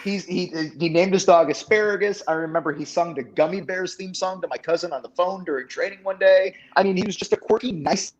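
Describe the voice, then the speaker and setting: A young man telling an animated story on a casual podcast, acting out the quotes of the people in it. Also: high voice, a little fast, hardly any pauses, dull audio. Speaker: guest, wrestling announcer.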